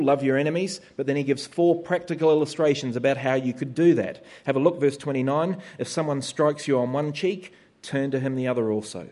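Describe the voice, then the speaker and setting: A man's voice: mid-range voice, a little mellow. Conversational male preacher giving a sermon. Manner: conversational, acts out listeners' voices.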